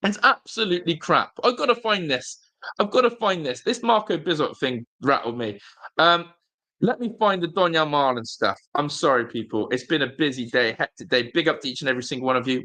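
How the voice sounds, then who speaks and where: A man's voice: fairly high pitch, pushed and bright. A man, hosting a live football watch-along from a hotel room and ranting angrily at his team, swearing and repeating himself. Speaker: fan channel host.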